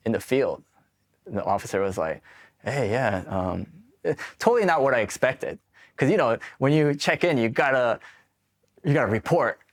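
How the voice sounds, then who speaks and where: A man in his forties from Queens, New York, telling his own military stories in a candid, swearing, casual way. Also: medium pitch. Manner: candid, profane, acts out quoted exchanges. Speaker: Marine veteran guest. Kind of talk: casual storytelling interview.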